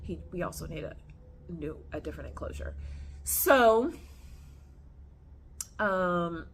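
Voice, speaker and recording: A young woman vlogger at home, casually telling a story to viewers in an animated, chatty way. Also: lowish voice, slow, husky. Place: at home on the floor with her snake.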